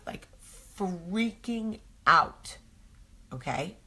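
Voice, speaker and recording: A woman's voice: low-pitched, slow, long pauses, sharp tone, slightly rough. A woman hosting a casual morning chat show, rambling through a story with many ums. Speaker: host.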